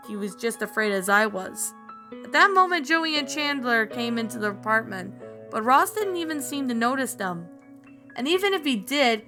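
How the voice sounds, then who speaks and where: A woman's voice: fairly high pitch, sharp tone. A woman narrator reading a fan story aloud, often stumbling and restarting words.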